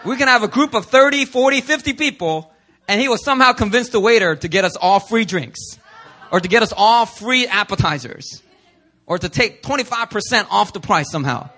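A man's voice: high voice, lively intonation, fairly quick, sharp tone. A young male pastor giving a sermon in a church, telling stories in a casual, joking way.

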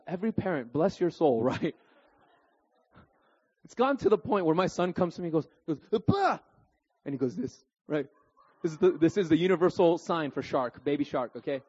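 A man in his thirties delivers a sermon in a rather high, breathy voice. He tells stories in a lively, animated way, often checking in with his listeners with a quick "right?". The recording sounds dull and muffled. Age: 30s. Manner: animated storytelling, keeps asking "right?". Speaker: pastor.

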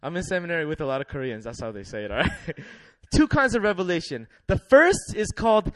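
A young man preaching a sermon in a lively, laughing way, leading the congregation in call-and-response. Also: on the high side, brisk, no echo.

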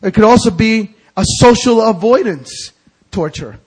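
A male pastor preaching an evangelical sermon in a church sanctuary. He quizzes the congregation with fill-in-the-blank questions and swings from hushed to shouted. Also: high-pitched, lively intonation, a little slow, husky, poor audio.

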